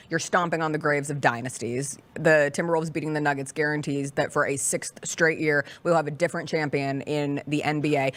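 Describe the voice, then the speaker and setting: A woman hosting a sports talk show, recapping games in a casual, emphatic way with dramatic pauses. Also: deep voice, fairly bright tone.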